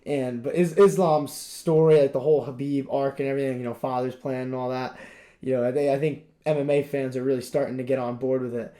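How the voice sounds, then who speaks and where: Here a young male podcast co-host chats casually, rambling and emphatic with lots of filler words. His mid-range voice holds a steady, dark tone and moves fairly quickly.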